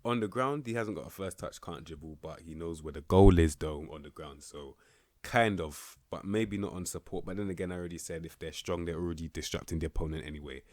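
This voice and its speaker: A young man, casually rating players in a football management game, slangy and laid-back with bursts of excitement. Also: low-pitched, brisk, no echo. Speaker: gaming YouTuber rating players.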